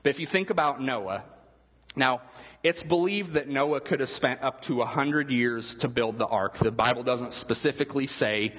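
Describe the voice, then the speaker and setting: A man's voice: mid-range voice, moderate pace, a bit bright, big-room sound. A male pastor giving a conversational sermon, asking his listeners questions as he goes. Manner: conversational, asks the room questions.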